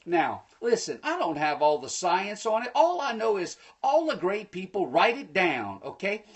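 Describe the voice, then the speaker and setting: Guy preaching motivation on a phone livestream, folksy, talks right at you, gets loud and excited. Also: high-pitched, normal speed, husky. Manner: energetic, preachy, bursts into excited shouts; folksy, addresses viewers directly. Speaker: motivational speaker hosting a livestream. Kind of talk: live-streamed motivational talk.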